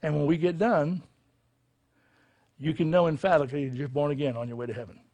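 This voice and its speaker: Male pastor, fairly high voice, fervent repetitive preaching, church altar call. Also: fairly even intonation, fairly quick, mellow. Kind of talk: altar call and sinner's prayer. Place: church service.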